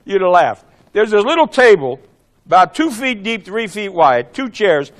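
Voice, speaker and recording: A man in his seventies from Ohio, a former congressman giving a blunt, animated rally speech, acting out the exchanges he describes. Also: high-pitched, normal speed. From Ohio, USA. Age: 70s. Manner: animated, acts out quoted exchanges, blunt and profane.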